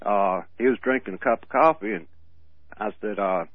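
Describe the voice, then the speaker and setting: A man co-hosting a radio show in casual chat, telling rambling stories with halting restarts and frequent laughs. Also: on the low side, dry recording. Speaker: radio co-host. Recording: tinny phone-like radio audio.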